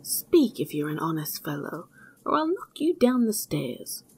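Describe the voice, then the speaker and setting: A woman's voice: sits low, sing-song, measured pace, darkish tone, slightly rough, full character voice. A woman voicing a fearless, naive young man who speaks plainly and earnestly in a storybook reading.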